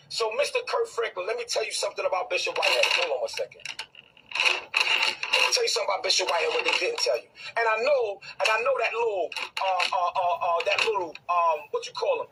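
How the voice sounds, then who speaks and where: A man from Brooklyn with a very husky, raspy voice pitched high for a man, hammering at his points with a sharp, forceful edge. He delivers a confrontational rant and keeps repeating his lines for emphasis. His voice sounds distant from the microphone. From Brooklyn, New York. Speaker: bishop. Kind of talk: heated direct-to-camera rant.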